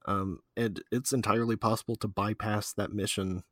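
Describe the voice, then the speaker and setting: A man's voice: on the low side, steady tone, normal speed, fairly bright tone, no room sound, studio quality. A man chatting casually about a video game, rambling with lots of fillers and frequent laughs. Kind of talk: casual chat.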